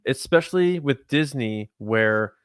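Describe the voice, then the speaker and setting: Man, podcast co-host, casual chat, teasing, lively pitch, dry mic. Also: measured pace, clean tone, dry recording.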